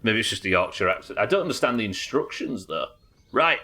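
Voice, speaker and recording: A man's voice: fairly low pitch, animated, fairly quick, bright, forceful tone. A man streaming a game live, chatting casually with his viewers and swearing freely as he goes. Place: home streaming setup.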